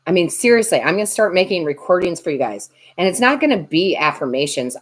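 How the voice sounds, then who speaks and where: A woman's voice: deep voice, animated, a little fast. A woman tarot reader and medium chatting on a livestream, joking and reading viewer comments aloud. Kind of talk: casual livestream chat.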